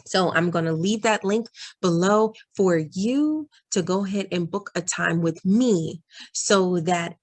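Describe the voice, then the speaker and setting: Her voice on the low side, a woman coach speaks directly to camera, offering working moms advice. The vlog is warm, encouraging and earnest, and she addresses them as "y'all."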